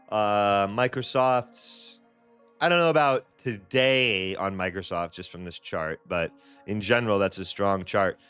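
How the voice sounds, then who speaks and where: A man's voice: mid-range voice, fairly bright tone, smooth. A man hosting a live trading stream in a loose, chatty way, repeating phrases and restarting his sentences. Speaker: livestream trading host. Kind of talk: casual live-stream chat.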